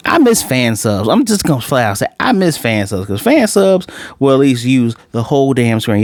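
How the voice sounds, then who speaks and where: A man giving a casual, animated episode review, ranting and acting out the characters' lines as he goes. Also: medium pitch, no room sound, clean studio sound. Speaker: anime reviewer.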